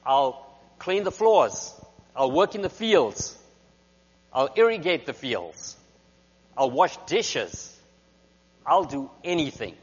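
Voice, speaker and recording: A man's voice: on the high side, sing-song, slow, pauses often, slightly rough, exaggerated voice. A man voicing a frightened, timid young monk who pleads, in a dull, echoing hall recording with hum. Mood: pleading.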